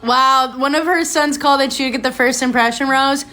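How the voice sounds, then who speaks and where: A woman's voice: high voice, steady tone, normal speed, pushed and bright. A woman hosting a podcast, chatting casually and reacting aloud as she recaps a reality show, with lots of filler words. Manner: chatty, reacts aloud while watching, many "like"s. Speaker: podcast host.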